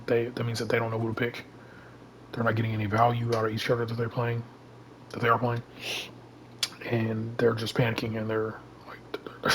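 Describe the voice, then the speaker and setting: Flat-voiced man rambling about a game. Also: medium pitch, slight background noise, rough recording. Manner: rambling, heavy use of "you know" and "like". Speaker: gaming YouTuber. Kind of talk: casual vlog commentary.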